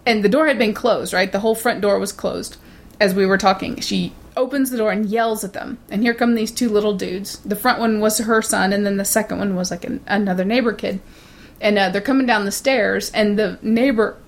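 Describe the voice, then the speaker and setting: A woman's voice: medium pitch, fairly quick. A woman telling a casual story to a friend, blunt and swearing freely, acting out the voices of people she quotes.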